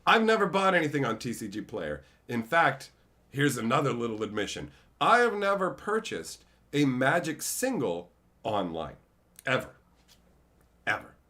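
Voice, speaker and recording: A man's voice: medium pitch, normal speed. A man in his thirties chatting casually on a stream, sarcastic and jokey. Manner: animated, jokey, sarcastic, swings into funny voices. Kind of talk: casual chat.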